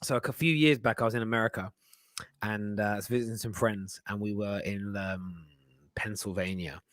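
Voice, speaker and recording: A man's voice: on the low side, fairly even intonation, moderate pace, a bit bright, no echo. A man, co-hosting a casual podcast chat and rambling through anecdotes with restarts and slang. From England. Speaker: co-host.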